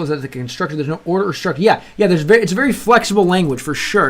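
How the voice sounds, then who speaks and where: A man's voice: on the high side, lively intonation, fast talker, few pauses. A young man hosting a language-learning livestream, chatting casually with viewers and rambling with lots of restarts. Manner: rambling, restarts often, calls viewers bro. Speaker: livestream host. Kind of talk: casual chat with live chat.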